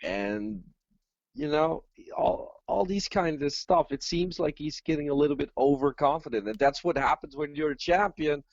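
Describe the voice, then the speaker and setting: A man's voice: a little high, animated, normal speed, dry recording, muffled recording. A man doing color commentary on wrestling, playful and jokey with his partner.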